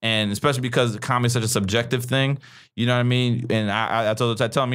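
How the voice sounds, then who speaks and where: A man's voice: mid-range voice, fairly even intonation, fast, a bit bright, clear, resonant tone. A man hosting a comedy podcast, chatting casually in loose, slangy and profane banter while he questions his guest.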